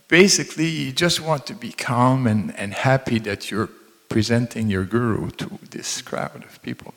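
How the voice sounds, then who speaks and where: Gravelly man telling a story. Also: fairly low pitch, in a large hall. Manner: chuckling, animated storytelling with quoted voices. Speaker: devotee telling a personal story. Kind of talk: casual anecdote.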